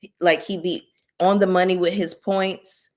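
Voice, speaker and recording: A woman's voice: on the low side, level tone, measured pace, a little mellow. A woman hosting a casual livestream, chatting with viewers and thanking them by name, with features. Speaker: YouTube commentary host.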